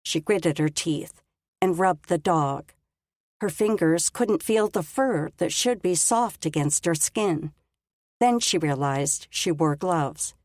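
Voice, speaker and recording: A woman narrating a story in a calm, measured audiobook reading. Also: on the low side, dry recording, clean studio sound. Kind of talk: scripted narration.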